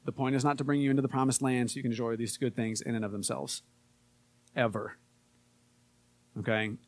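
A man preaching a casual sermon, relaxed and conversational with frequent fillers, and more emphatic when he reads scripture. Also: mid-range voice, brisk, no room sound. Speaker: pastor.

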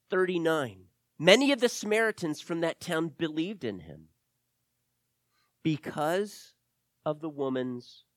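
Preacher man swinging loud to hushed. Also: high voice, no echo. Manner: dramatic swings between loud emphasis and hushed near-whispers. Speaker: pastor. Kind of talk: sermon.

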